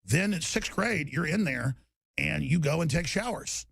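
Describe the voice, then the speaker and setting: Man, talk radio host, angry shouting rant, high-pitched, gravelly, raspy. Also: expressive, unhurried. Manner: shouting, agitated tirade.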